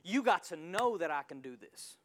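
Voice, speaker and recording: A male pastor preaching a sermon in a church, calling out to the congregation and swinging from quiet asides to loud surges. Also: on the high side, sing-song, moderate pace, a little hiss or hum. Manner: call-and-response preaching with sudden loud surges.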